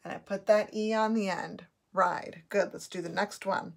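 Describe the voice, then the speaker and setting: A woman's voice: medium pitch, steady tone, moderate pace, gravelly. A woman teaching a phonics lesson, sounding out letters and words patiently for children to repeat.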